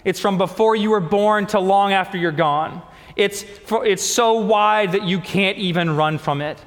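A man's voice: high voice, unhurried. A male pastor preaching a sermon, emphatic and repetitive, building each point in a series of phrases. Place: church sanctuary. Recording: long hall reverb.

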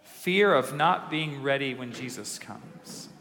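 Man, pastor, emphatic sermon, ringing reverberant church hall, bright tone. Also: medium pitch, gravelly, slight background noise. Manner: energetic, emphatic preaching with dramatic slow pauses.

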